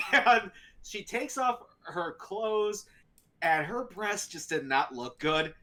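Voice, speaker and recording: A man's voice: high-pitched, lively intonation, slow pace, sharp tone. A young man on a podcast, telling a long story in a rambling way, with lots of fillers and laughs. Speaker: podcast co-host. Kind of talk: casual storytelling chat.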